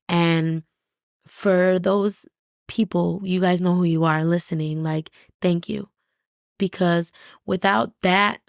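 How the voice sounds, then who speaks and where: A woman's voice: fairly low pitch, gravelly, dry recording, studio quality. A woman guest on a podcast, talking candidly and reflectively in short, restarting phrases. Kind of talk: candid conversational interview.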